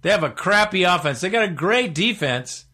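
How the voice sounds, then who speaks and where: On a casual sports talk show where fans call in, the male radio host gets worked up and speaks bluntly. His high voice is expressive, pushed and bright, at a normal speed.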